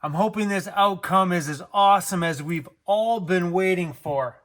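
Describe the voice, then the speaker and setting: A man's voice: high-pitched, normal speed, a bit bright. A young adult man from Canada chatting casually to camera in an upbeat vlog, laughing often. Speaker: van life vlogger.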